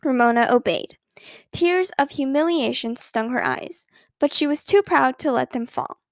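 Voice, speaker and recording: A woman narrating a children's storybook aloud in an expressive, lively reading. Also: sits high, moderate pace, dry recording, clean studio sound.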